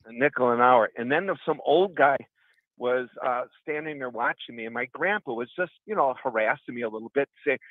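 A middle-aged man from Wisconsin calls into a radio show and, at medium pitch and a slightly fast pace, earnestly rambles through long stories of his past. He's on a phone, so the line sounds tinny, and the recording is dry.

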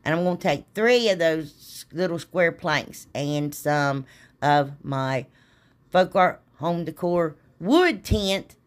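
A woman's voice: deep voice, takes it slowly. A middle-aged woman, hosting a craft channel and chatting in a rambling, folksy way, talking straight to her viewers. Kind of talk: casual chatty craft tutorial.

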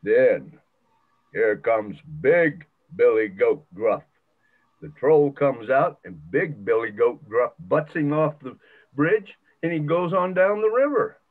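Folksy older man telling a tale slowly. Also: mid-range voice, animated. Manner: folksy, dramatic retelling with pauses. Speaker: church member telling a story. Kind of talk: storytelling with a moral. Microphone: video call. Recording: tinny video call audio.

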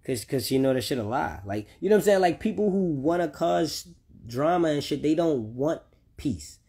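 A man's animated, slightly high voice, warm with a breathy edge and delivered at normal speed, carries an unscripted vlog rant about his children. He speaks directly to listeners, heated, repetitive and swearing often.

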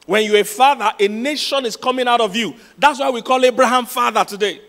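A man's voice: extremely high pitch, fairly quick, fairly bright tone. A man preaching a sermon as pastor, telling stories with laughs and repeating his key points for emphasis. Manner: storytelling with laughs, emphatic repetition. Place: large church hall. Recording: long hall reverb.

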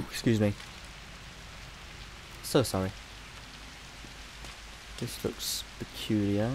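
A man's voice: lowish voice, moderate pace, long pauses, a little mellow. Rambling man playing a game. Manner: rambling, chatty, distracted. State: a bit ill, coughing. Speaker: gamer. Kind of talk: let's play commentary.

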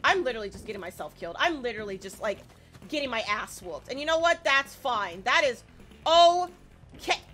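Hyped woman streamer playing a game, high bright voice, super animated, says stuff over and over. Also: quick pace, soft background music. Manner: excitable, repeats herself, swears playfully. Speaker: gaming streamer. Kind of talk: let's play commentary.

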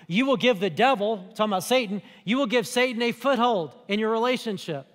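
A male pastor delivers a sermon in a relaxed, conversational way, unpacking scripture for the congregation. His voice sits high for a man. The church auditorium around him adds a long, trailing reverb. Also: fairly quick. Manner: conversational preaching, explaining scripture.

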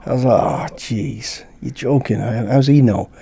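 A British man, a podcast guest, telling a lively anecdote in casual chat and acting out the dialogue. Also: mid-range voice, fairly quick, vocal fry, slightly rough. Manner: lively anecdote-teller who acts out dialogue. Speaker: podcast guest, former bodyguard.

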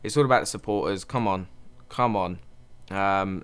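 A young man giving excitable commentary while playing a football management game, cheering his team on. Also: deep voice, moderate pace, clear, resonant tone. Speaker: gaming channel host.

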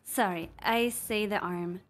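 A woman's voice: medium pitch, a little slow, soft background music. A woman playing a tabletop game, eager and giggly. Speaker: player. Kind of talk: casual tabletop play.

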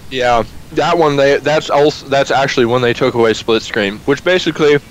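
Game music runs under this young man's voice as he plays a co-op shooter, joking around and rambling with many restarts. He speaks at normal speed in a mid-range voice, over poor audio with slight background noise.

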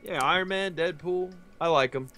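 A man's voice: a little high, moderate pace, sharp tone, soft background music. A young man co-hosting a gaming livestream, teasing, laughing often and counting down trades. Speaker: stream co-host. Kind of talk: casual gaming stream chat.

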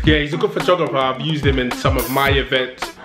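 A man's voice: medium pitch, steady tone, moderate pace, music in the background. A young man hosting a food vlog in a laid-back, jokey way, drawing out his words. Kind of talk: casual vlog chat.

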